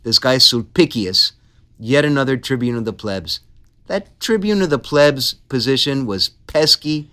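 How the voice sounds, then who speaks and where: A man hosting a casual history podcast, telling the story with animated, playful asides. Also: medium pitch, measured pace. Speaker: podcast host.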